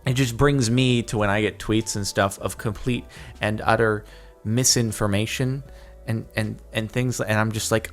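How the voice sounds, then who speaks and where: A young man giving casual commentary as he reacts to posts, exasperated and breaking into loud rants. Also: lowish voice, fairly even intonation, moderate pace, faint music behind. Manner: exasperated, ranting, rising to loud outbursts.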